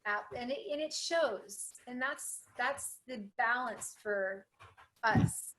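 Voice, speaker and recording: A woman's voice: a little high, slow, a bit bright, slight background noise, poor audio. A woman hosting a spiritual interview, earnest and affirming toward her guest. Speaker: host.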